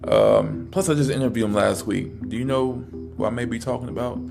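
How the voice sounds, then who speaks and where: A man's voice: a little fast, creaky, music in the background. A man conducting a joking mock interview, playful and incredulous with his guests. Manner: playful, incredulous, high-pitched when exasperated. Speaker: comedy interviewer.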